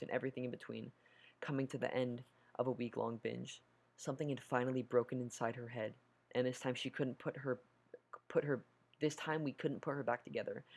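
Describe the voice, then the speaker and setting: A man reading a horror story aloud, nervous, stumbling over words and correcting himself. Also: mid-range voice. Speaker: story narrator.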